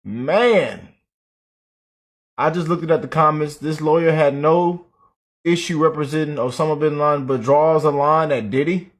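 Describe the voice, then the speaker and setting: A man hosting a casual reaction video, chatty and animated. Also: on the high side, measured pace. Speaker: reaction host.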